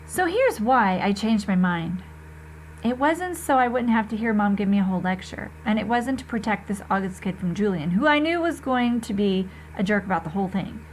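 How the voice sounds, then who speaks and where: A woman teacher reading a novel aloud to her students, expressive and conversational, talking to the class directly. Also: mid-range voice, brisk, few pauses, slight background noise.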